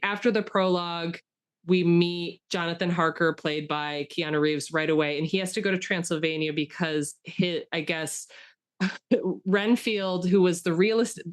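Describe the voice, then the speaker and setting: Chatty woman podcast co-host. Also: lowish voice. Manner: chatty, enthusiastic, with frequent fillers and restarts. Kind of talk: casual film discussion chat.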